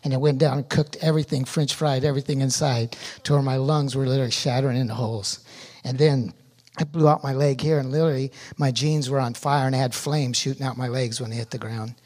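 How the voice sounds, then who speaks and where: A middle-aged man giving a sermon testimony, telling his story with animated energy that rises loud at its peaks. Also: mid-range voice, husky. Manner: animated storytelling, rising loud when reliving pain.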